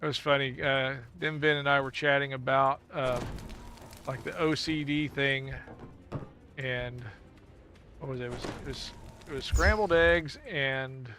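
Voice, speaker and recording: A man streaming a video game, chatting casually and jokily with viewers, thanking them and breaking into laughs and sudden loud exclamations. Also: mid-range voice, fairly even intonation, unhurried, faint music behind. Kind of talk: casual live-stream chat while gaming.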